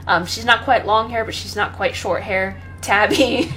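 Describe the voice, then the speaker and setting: A young woman chatting casually about her pets, rambling with many pauses and fillers and often breaking into laughter. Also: mid-range voice, a bit bright, slight background noise. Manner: rambling, full of ums and laughs, talks to her cat. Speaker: pet owner vlogger. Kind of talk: casual chat.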